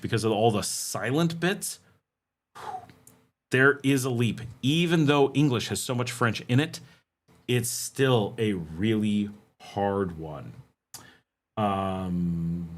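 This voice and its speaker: A middle-aged man hosting a casual livestream Q&A, reading viewer questions aloud and answering them with frequent ums. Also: fairly low pitch. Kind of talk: casual live Q&A chat.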